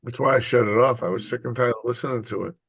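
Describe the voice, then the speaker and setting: A middle-aged man tells stories in a loose, profane chat. He acts out the other people in them with lively voices. His voice is dry and close to the mic, with no room sound. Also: medium pitch, quick pace, vocal fry, slightly rough, no echo. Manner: profane, animated storyteller acting out quotes. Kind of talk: casual chat.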